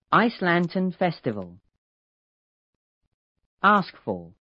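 A woman narrating an English textbook lesson, reading instructions slowly and clearly. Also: deep voice, fairly bright tone, highs cut off. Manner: slow, clearly articulated instructions.

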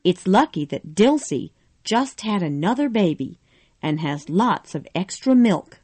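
A woman voicing a devoted, motherly older housekeeper who fusses and comforts in a soft, mellow voice. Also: on the low side, big pitch swings, measured pace, husky, heavily acted. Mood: tender. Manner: fussing, comforting.

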